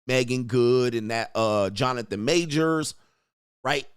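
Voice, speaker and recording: A man hosts his own online show, delivering blunt, mocking commentary as he reacts to footage. His voice sits at a middling pitch and is recorded dry and close, with no room around it. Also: takes it slowly, clean tone, no echo. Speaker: host. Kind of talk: casual commentary stream.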